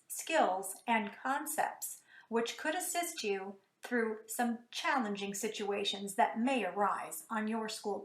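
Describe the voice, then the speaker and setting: Middle-aged lady teaching bus drivers, steady and plain, mid-pitched, little um here and there. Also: slightly rough, rough recording. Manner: measured, instructional, occasional fillers. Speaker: school bus safety trainer. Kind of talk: training video presentation.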